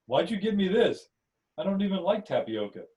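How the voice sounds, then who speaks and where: A man's voice: on the high side, very animated, slow, a little mellow, roomy sound, far from the mic, voice pushed up, low-quality recording. A man reading a story aloud and voicing an astonished, skeptical young man who keeps questioning what he sees. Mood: incredulous. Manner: incredulous, questioning. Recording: voice somewhat off-mic.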